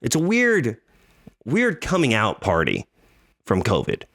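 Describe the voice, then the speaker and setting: A man in his thirties chats casually on a podcast and tells a story with jokey exaggeration, acting out his own inner voice. His pitch swings widely, from low mutters up to high squeaks. The sound is dry and close, with no room echo. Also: wildly swooping pitch, unhurried, fairly bright tone. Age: 30s. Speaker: podcast host.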